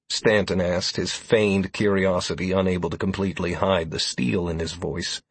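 A man narrating a first-person fantasy story in an expressive way, with defiant dialogue. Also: low-pitched, normal speed, hardly any pauses, breathy edge, no echo. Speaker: audiobook narrator.

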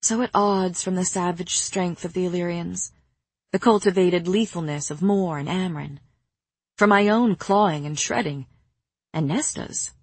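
A woman narrating an audiobook in a measured, even storytelling manner. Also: lowish voice, breathy edge, dry recording.

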